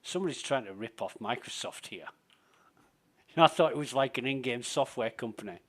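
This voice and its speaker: A man's voice: mid-range voice, lively intonation, a little fast. Profane, rambling man streaming a game. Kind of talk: casual live-stream commentary.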